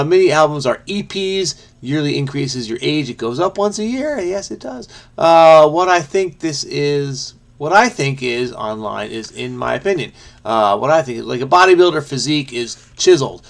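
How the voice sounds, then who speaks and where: Gravelly man musing over a crossword. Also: medium pitch, a bit bright. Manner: muses aloud, trailing off, self-amused asides. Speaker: crossword video host. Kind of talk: casual think-aloud puzzle solving.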